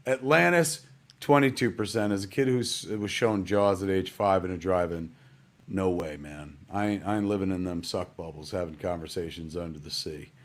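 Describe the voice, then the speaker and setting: A man's voice: low-pitched, moderate pace. A middle-aged man hosting a live stream from home in a rambling, jokey casual way, calling everyone "man" and "kids".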